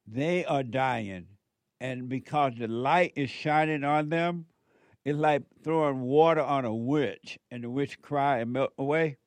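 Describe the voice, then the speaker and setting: A man's voice: medium pitch, measured pace, no room sound. A man hosting a call-in radio show, giving spiritual advice in a drawling, preachy way with frequent chuckles.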